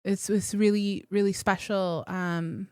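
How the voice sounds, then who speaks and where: In a casual interview, a female guest who is a psychic and a teacher struggles through an emotional personal story, on the verge of tears and restarting often. Her mid-range voice is steady, dark and clean, and the recording is dry.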